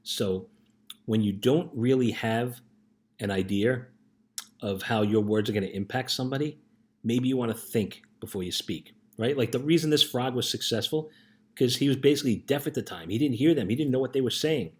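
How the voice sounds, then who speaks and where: A middle-aged man who works as a youth life coach tells a story in an earnest, casual motivational talk, often checking in with "right?". His voice is medium-pitched, moderately paced and a little mellow.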